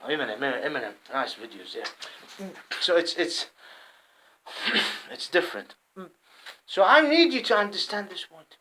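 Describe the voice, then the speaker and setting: A man from the Arab world, based in England, delivering a rambling, impassioned monologue to camera. He often repeats himself and swings between loud outbursts and muttering. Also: on the high side, lively intonation, a little slow, pauses often, slight background noise, rough recording. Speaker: vlogger. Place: at home in England.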